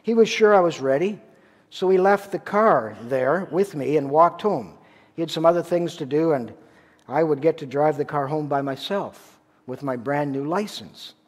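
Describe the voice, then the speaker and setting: A man's voice: a little high, normal speed. A man from Ontario, Canada, preaching a sermon as a pastor, telling a story in a conversational way with rhetorical questions. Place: church sanctuary. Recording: long church reverb.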